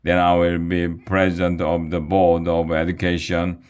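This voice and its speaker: A man's voice: deep voice, monotone, moderate pace, a little mellow, clear, resonant tone, natural voice. A man reading a storybook aloud, voicing a boastful evil robot drone in a plain reading voice. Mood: menacing.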